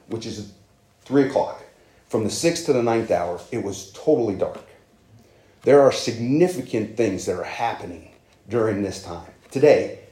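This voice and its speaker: A man's voice: on the low side, dark tone, reverberant. A man preaching a sermon as pastor, earnest and conversational, with emphatic rises.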